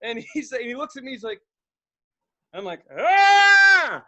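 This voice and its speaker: A young man with a high, bright voice spins rowdy stories on a podcast. He swears freely, acts out sudden yells and laughs at his own tales in loose, casual chat. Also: moderate pace. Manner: profane, animated storytelling with acted-out outbursts and laughter. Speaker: podcast co-host.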